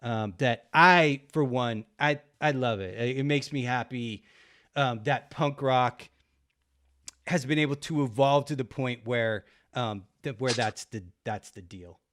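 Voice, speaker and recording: A man's voice: mid-range voice, a little slow, a bit bright. A middle-aged man hosting a podcast, talking casually and rambling a little, with frequent fillers and laughs. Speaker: podcast host and record cover artist. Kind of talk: casual conversation.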